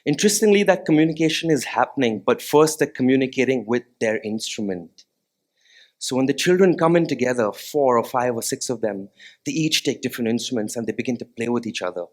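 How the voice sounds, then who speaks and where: A man's voice: medium pitch, brisk. Earnest man giving a stage talk. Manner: sings short nursery melodies as demonstrations; earnest, asks the audience questions. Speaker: music therapist. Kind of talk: TEDx-style stage talk. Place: stage before a live audience.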